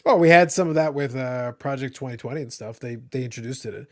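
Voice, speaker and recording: A man from Canada hosting a casual livestream, ranting in animated bursts and cursing freely. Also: mid-range voice, fast talker. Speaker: livestream host. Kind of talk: casual chat.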